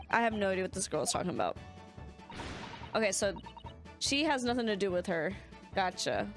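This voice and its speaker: A woman's voice: medium pitch, animated, fairly quick, pauses often, soft background music. A young woman streamer chatting casually and sleepily while playing a game and reading its lines aloud. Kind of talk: casual let's-play chat.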